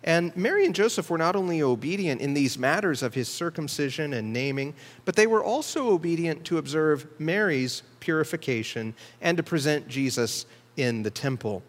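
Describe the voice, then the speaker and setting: Male pastor, fairly high voice, measured teaching delivery, church sanctuary with long reverb. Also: animated. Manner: measured teaching, slows to stress key words. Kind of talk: sermon.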